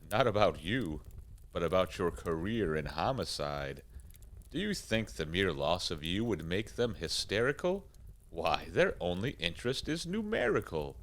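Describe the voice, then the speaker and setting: A man as Santa Claus, deep and calm. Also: unhurried, exaggerated voice. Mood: knowing. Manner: calm, gently lecturing, warmly persuasive. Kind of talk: radio play acting.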